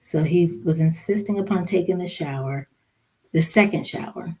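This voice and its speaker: Female interview guest with a low, mellow voice, telling a grave personal story haltingly. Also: slightly rough. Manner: halting, many "you know" fillers; somber, recounting a hard memory. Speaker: podcast guest, social worker and mother.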